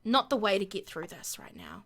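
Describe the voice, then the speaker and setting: A woman's voice: mid-range voice, wildly swooping pitch, normal speed, a bit bright, pitched below the performer's own voice. A woman voicing a kind, motherly woman in a life-sim game, giving soothing advice. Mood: advising. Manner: soothing, advising.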